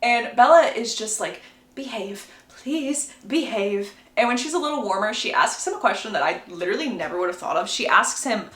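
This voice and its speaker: A young woman casually retelling a book plot, chatty and acting out the characters' lines in quick voices. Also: mid-range voice, lively intonation, fairly bright tone, reverberant. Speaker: book recap creator.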